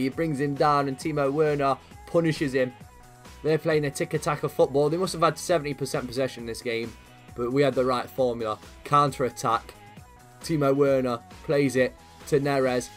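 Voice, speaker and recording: A man giving lively, chatty commentary over a football video game, cheering and shouting at the big moments. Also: medium pitch. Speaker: gaming commentator.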